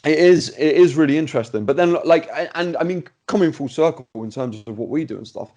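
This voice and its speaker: A man hosting a podcast, talking in a chatty, animated way with lots of restarts. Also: on the high side, a little fast. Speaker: podcast host. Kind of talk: casual podcast chat.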